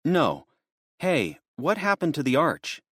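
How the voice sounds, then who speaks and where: A man's voice: fairly high pitch, wildly swooping pitch, slow pace, fairly bright tone, husky, dry recording, clean studio sound, pitched above the performer's own voice, full character voice. A man playing an urgent, pleading young traveler. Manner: earnest, urgent.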